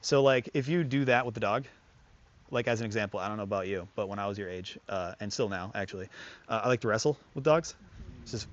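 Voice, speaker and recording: A man's voice: on the low side, fast, highs cut off. Chatty man teaching dog training. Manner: chatty, filler-heavy, talks to the dog in bursts of praise and commands. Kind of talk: casual hands-on lesson.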